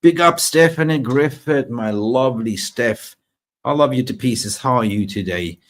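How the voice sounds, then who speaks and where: A man from Sweden hosting a fan live stream, chatting excitably and reading out viewer comments. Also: mid-range voice, unhurried. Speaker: fan channel host. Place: in Thailand.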